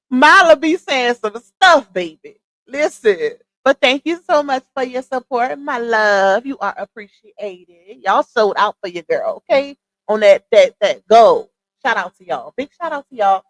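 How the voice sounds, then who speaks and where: Sassy high-voiced woman streamer. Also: big pitch swings, measured pace, fairly bright tone, no echo, poor audio. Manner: sassy, incredulous, addresses viewers as y'all and baby. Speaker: live stream commentary host. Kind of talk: casual livestream commentary.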